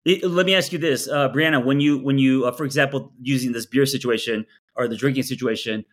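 A man coaching a couple through a therapy session, talking in an earnest, animated way and often repeating words as he starts a thought. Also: medium pitch, a little fast. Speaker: relationship coach.

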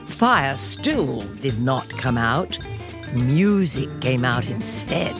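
A woman host reading a children's storybook aloud in a gentle, expressive way. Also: a bass voice, slow pace. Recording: music bed under the voice.

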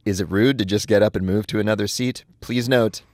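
A man co-hosting a radio show, tossing in quick quips and deadpan asides. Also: lowish voice. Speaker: co-host.

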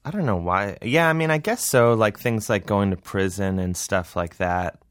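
A man's voice: lowish voice, moderate pace, clear, resonant tone, no echo, clean studio sound. A man who is a comedian, telling a story in a casual interview, rambling and self-deprecating. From Cleveland. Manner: rambling, self-deprecating, acts out voices in quotes. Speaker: comedian guest.

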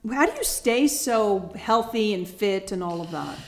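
A woman's voice: mid-range voice, animated, a little slow. A woman from Atlanta, hosting her own talk show, chatty and cheeky with playful swearing. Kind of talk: casual interview chat.

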